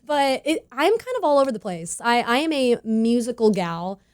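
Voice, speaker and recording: Bubbly young woman, high voice. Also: sing-song, moderate pace, clear, resonant tone. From California. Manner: bubbly, laughs often, acts out quoted voices. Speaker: country singer-songwriter guest. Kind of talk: casual interview chat.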